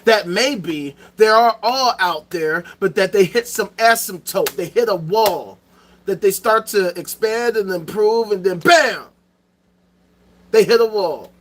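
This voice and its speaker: A male host rants in a profane, animated commentary and hammers each point with repetition. His voice sits high and sounds sharp and bright. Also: takes it slowly. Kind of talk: ranting commentary.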